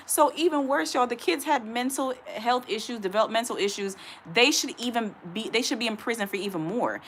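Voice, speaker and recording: Her voice is lowish and a bit bright as the young woman from Ohio reads a news piece aloud, stumbling at times, and offers emphatic, blunt takes for her audience. Slight background noise is audible.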